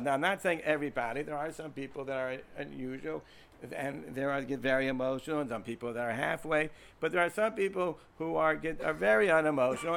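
A man's voice: a little high, gravelly, fairly bright tone, slight background noise. A man with an American accent giving an informal Torah lecture to students, rambling, repeating words and asking the class questions. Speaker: Torah teacher.

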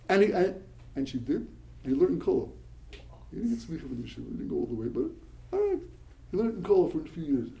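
Animated rabbi with a high, mellow voice. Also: male voice, quick pace, creaky, poor audio. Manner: animated storyteller, repeats words when excited; Hebrew and Yiddish terms mixed into English. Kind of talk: motivational talk to yeshiva students.

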